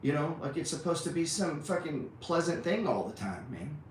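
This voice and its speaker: A man's voice: a little high, big pitch swings, moderate pace, recorded from a distance, slight background noise. A man giving a blunt, profane motivational rant about trading as a teacher, peppering his talk with "man" and "dude". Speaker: trading educator. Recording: echoey room, voice from off-mic.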